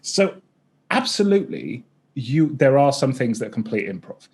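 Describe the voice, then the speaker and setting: A man in his thirties, a streamer and former stand-up comic, chatting excitably in a rambling interview full of tangents. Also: medium pitch, moderate pace, husky. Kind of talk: casual interview chat.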